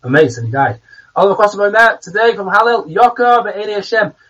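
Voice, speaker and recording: A man's voice: high-pitched, expressive, fast talker, fairly bright tone, husky. A man teaching a text, reading each phrase aloud and then translating it, often restarting his words. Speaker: Talmud teacher. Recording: distant, dull, muffled recording.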